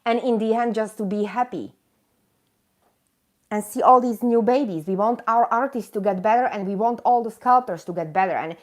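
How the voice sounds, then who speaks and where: A woman's voice: on the high side, moderate pace. A woman hosting a live stream, ranting with indignant emphasis and breaking into chatty, self-mocking asides to viewers. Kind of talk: impassioned live chat rant.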